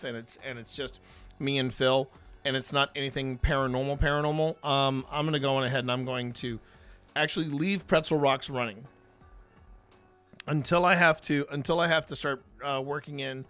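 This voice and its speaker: A man's voice: a little high, sharp tone. Rambling man hosting a paranormal channel. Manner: rambling, stumbling restarts. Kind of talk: casual chat, footage review.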